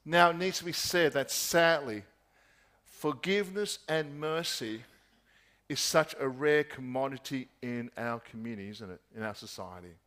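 A man preaching a sermon, asking repeated rhetorical questions and dropping his voice soft at key points. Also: medium pitch, animated, moderate pace.

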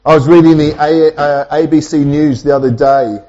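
A male pastor delivering a sermon in a church, preaching emphatically with repetition and dramatic pauses. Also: a little high, fairly even intonation, warm tone, muffled recording. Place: church with online Zoom audience.

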